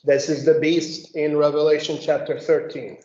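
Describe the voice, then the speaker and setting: A woman leading a group Bible study, explaining slowly and methodically and often checking in with "okay?". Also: low-pitched, level tone, warm tone. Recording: echoey room, dull lo-fi sound.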